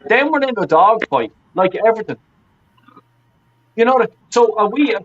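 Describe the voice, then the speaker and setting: A man's voice: sits high, big pitch swings, unhurried, fairly bright tone, a little hiss or hum. Ranting man, sweary, lo-fi. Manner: profane, ranting, repeats himself. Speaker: fan panelist. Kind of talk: heated football fan panel chat.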